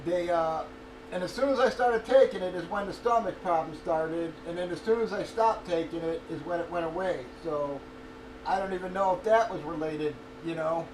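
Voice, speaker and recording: High-voiced middle-aged man, casual profane venting, heard from across an echoey room with faint background noise. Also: moderate pace. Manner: profane, blunt, laughs often. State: undergoing cancer treatment. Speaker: livestreamer. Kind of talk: casual chat. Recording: roomy echo, distant from mic, faint noise.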